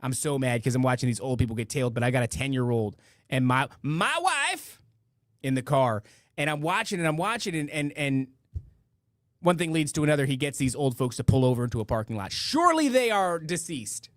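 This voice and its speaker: A man's voice: medium pitch, animated, fairly quick, no echo, clean studio sound. A middle-aged man hosting a live-stream podcast, talking casually and rambling through stories with many restarts and asides. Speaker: podcast host reading donations and chat.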